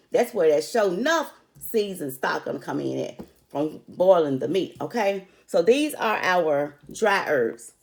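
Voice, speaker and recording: An older woman teaching a recipe in a chatty way, often calling her viewers honey. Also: mid-range voice. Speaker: home cook. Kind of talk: cooking tutorial.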